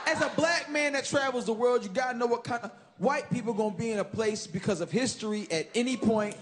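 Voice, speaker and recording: A man from Chicago doing a loud stand-up routine on a club stage, switching into acted-out voices. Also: extremely high pitch, brisk. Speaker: stand-up comedian. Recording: loud crowd laughter and noise. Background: laughing crowd.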